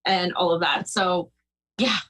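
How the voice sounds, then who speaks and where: Bright-voiced woman co-hosting a talk show. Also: fairly low pitch, fairly even intonation, slightly rough, low-quality recording. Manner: conversational, halting with fillers. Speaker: podcast co-host. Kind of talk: casual political talk.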